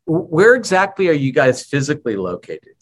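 A man hosting a podcast interview, asking friendly, quick questions. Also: on the high side, very animated. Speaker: podcast host. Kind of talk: casual interview.

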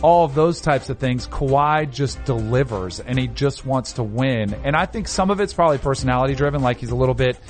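A man's voice: mid-range voice, lively intonation, brisk, few pauses, faint music behind. A man hosting a casual sports chat show, conversational and opinionated. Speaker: sports talk host.

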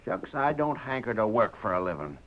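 Fish Eye, a folksy town loafer. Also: male voice, on the low side, big pitch swings, fairly quick, a little hiss or hum. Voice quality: folksy drawl, rustic slang. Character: lazy male small-town loafer, sly and simple. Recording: muffled old radio broadcast.

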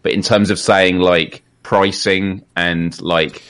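A man co-hosts a live gaming podcast in casual live-stream chat, hesitant and often restarting his sentences while asking clarifying questions. His low voice is level, slow, fairly bright, clear and resonant.

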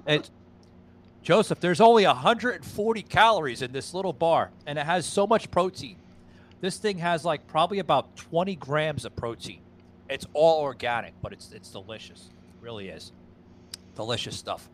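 A man's voice: fairly high pitch, expressive, normal speed. A man hosting a casual podcast, rambling and repeating himself, stammering through a sponsor read and swearing freely. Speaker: podcast host.

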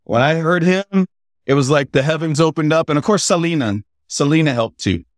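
A middle-aged man from the United States, a podcast guest telling lively stories and laughing as he goes. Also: on the high side, a little fast, no room sound, studio quality. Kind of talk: casual storytelling chat.

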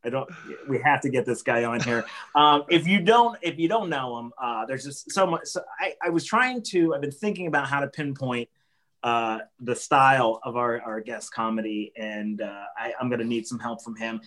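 A man's voice: medium pitch, moderate pace, a bit bright. Joking podcast host man. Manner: joking, playful, with frequent restarts. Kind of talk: casual comedy podcast chat.

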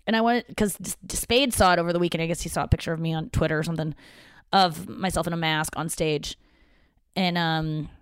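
Chatty, profane woman, low and dry. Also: no room sound. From St. Louis area. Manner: chatty, profane, self-mocking, quotes others. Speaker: podcast host. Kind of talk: casual storytelling monologue. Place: father's home office.

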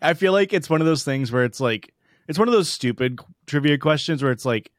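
A man's voice: on the high side, animated, a little fast, no room sound, studio quality. A man co-hosting a podcast, trading jokes and laughing often in casual banter. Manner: joking, riffing, laughs often. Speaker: podcast co-host.

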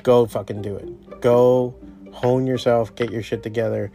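A man's voice: flat delivery, measured pace, creaky, mellow, highs cut off, soft background music. A man hosting a podcast, giving a casual, profanity-laced motivational talk and acting out the voices he quotes. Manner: profane, blunt, pep-talk delivery; acts out quoted voices with jumps in pitch. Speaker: podcast host.

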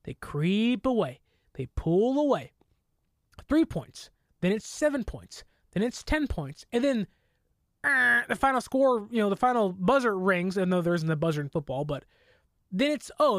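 A woman hosting a sports talk show, rambling excitedly as a fan, with many fillers. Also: mid-range voice, normal speed, no room sound, studio quality. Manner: mock voices for quoted people. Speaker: sports podcast host. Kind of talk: casual sports commentary.

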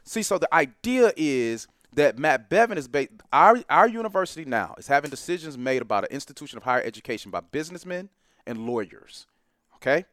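A middle-aged professor talking emphatically as a podcast guest, with bursts of loud laughter. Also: male voice, a little high, sing-song, brisk, no room sound, studio quality. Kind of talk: heated podcast discussion.

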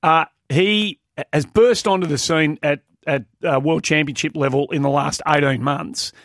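A man's voice: a little high, fairly even intonation, normal speed, a bit bright, dry recording, studio quality. An opinionated man hosting a casual sports talk radio show, often stumbling and restarting his sentences. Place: radio studio.

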